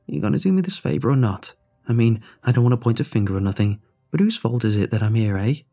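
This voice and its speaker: A man's voice: medium pitch, animated, fast, warm tone. A man voicing a chirpy, mocking young man trapped inside a beer can, who taunts and bosses the listener with sarcasm. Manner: taunting and bossy, snapping sarcastically.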